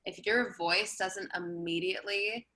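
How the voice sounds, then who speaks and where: A woman's voice: mid-range voice, fairly even intonation, measured pace, sharp tone, low-quality recording. A woman in her twenties, a singer, chatting as a guest on a podcast in a bubbly, self-mocking way. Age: 20s. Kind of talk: casual podcast chat. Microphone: remote call setup.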